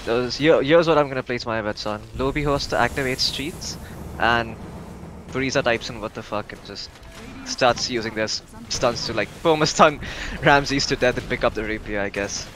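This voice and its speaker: A man's voice: medium pitch, normal speed, a bit bright, slight background noise. A man doing color commentary on a live esports match, dry and sarcastic. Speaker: esports caster.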